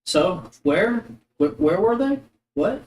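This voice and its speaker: A man's voice: high voice, big pitch swings, slow pace, reverberant. A man playing a tabletop game, chatting casually and joking around. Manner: joking, laughs often. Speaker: player.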